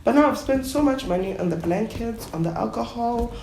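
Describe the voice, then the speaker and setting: A woman traditional healer from South Africa, telling her story at a roundtable in an animated way, often acting out what others said. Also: a little high, a little fast, vocal fry. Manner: code-switching, animated retelling with quoted voices. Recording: echoey room with faint noise.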